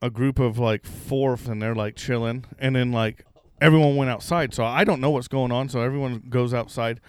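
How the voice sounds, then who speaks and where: Smooth-voiced man swearing through a story. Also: medium pitch, normal speed, no room sound. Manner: excitable, profane, says "dude" a lot. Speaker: podcast co-host. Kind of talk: casual storytelling banter.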